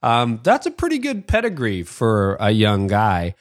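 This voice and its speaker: A man's voice: lowish voice, huge pitch swings, measured pace, no room sound, studio quality. Upbeat man hosting a podcast. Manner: upbeat, chatty, fillers like "um" and "like". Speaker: podcast host. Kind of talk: podcast ad read and interview.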